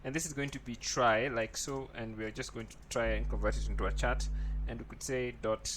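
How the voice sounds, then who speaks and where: Over background noise, a programming tutor speaks briskly in a steady, medium-pitched voice. It's a screen-recorded coding tutorial, and he thinks aloud as he types, regularly checking in with "right?".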